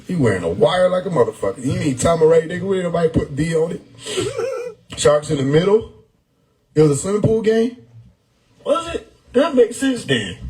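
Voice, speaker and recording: A man hosting a live stream, riffing loudly on chat comments with frequent laughter and profanity. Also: fairly high pitch, sing-song, a little fast, pauses often, low-quality recording. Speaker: livestream host reading chat. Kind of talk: casual livestream chat. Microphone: phone or desktop mic on a live stream.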